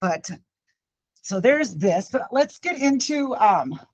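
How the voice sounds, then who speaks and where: Woman in her 40s talking to a class, kinda emotional, higher voice, dry sound. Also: sing-song, slow pace, dry recording, poor audio. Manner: emotional, earnest storytelling. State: runny nose. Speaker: guest speaker, aviation education manager. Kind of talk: informal classroom presentation.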